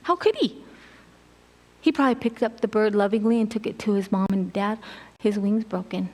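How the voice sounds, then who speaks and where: A middle-aged woman giving a casual sermon, telling stories in an animated way and acting out quotes with laughs. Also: mid-range voice, normal speed. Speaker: preacher. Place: church sanctuary. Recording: long hall reverb.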